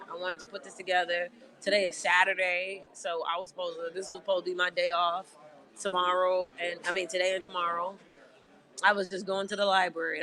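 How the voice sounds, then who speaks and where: A woman's voice: lowish voice, bright, forceful tone. A woman livestreaming from a diner, venting angrily and swearing a lot in a casual, fed-up way. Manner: angry, profane venting. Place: inside a busy diner. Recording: noisy diner crowd behind. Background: restaurant crowd chatter.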